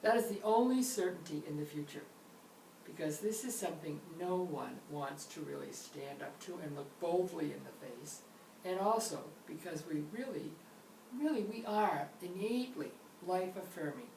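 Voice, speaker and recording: A woman's voice: low-pitched, animated, moderate pace, gravelly, mellow. A woman teaching an English grammar lesson in a playful manner with theatrical asides. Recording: roomy echo, mic at a distance, faint noise.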